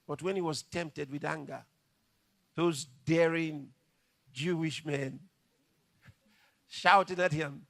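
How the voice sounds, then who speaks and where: Male pastor, high-pitched, dramatic preaching, dry close sound. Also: takes it slowly, creaky, long pauses, no echo. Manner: animated preaching, dramatic storytelling. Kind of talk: sermon.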